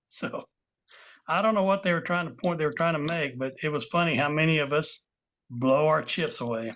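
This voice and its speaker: A man with a slightly high voice walks his students through a carving, one patient step at a time. The sound is a dull, lo-fi video call feed. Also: steady tone, brisk, a bit bright. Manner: patient, step-by-step explaining with asides. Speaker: woodcarving instructor. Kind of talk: live online class demonstration.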